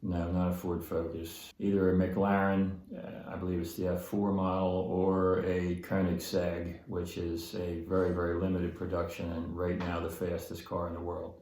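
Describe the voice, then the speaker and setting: A very deep, flat-voiced older man who talks about cars and films with total seriousness. He sounds dark and mellow, recorded in a roomy, echoey space. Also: normal speed, few pauses. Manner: serious, matter-of-fact. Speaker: guest father. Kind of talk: comedic interview. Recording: roomy echo.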